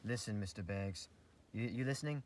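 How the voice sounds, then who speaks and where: A man's voice: on the low side, a little fast, a little mellow, close to an everyday voice. A man playing a prim, formal male assistant who stammers politely and snaps when exasperated.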